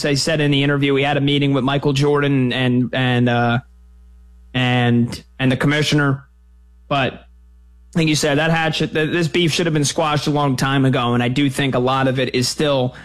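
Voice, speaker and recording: Chatty male sports radio host. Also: on the high side. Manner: energetic, conversational, quick asides.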